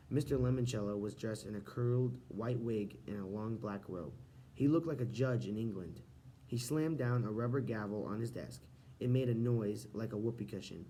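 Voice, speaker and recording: A man narrating a children's novel as an audiobook in a steady, expressive storytelling manner. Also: fairly low pitch, fairly quick, a little hiss or hum, low-quality recording. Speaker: audiobook reader.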